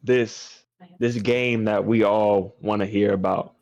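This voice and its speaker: A man's voice: on the low side, fairly even intonation, slow pace, vocal fry, a little mellow, no echo, highs cut off. A man hosting an esports podcast in casual chat, teasing the guests and laughing through his stories. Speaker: podcast host.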